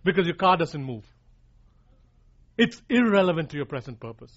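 Very animated and speaking at a moderate pace, a man with a voice on the high side preaches forcefully, repeating key lines for emphasis. He calls his listeners "guys," and the recording is dull and lo-fi.

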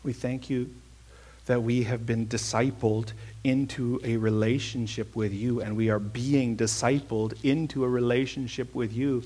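A man's voice: medium pitch, steady tone, measured pace, dark tone. A man preaching a conversational sermon, telling a personal story with earnest emphasis and then leading a prayer.

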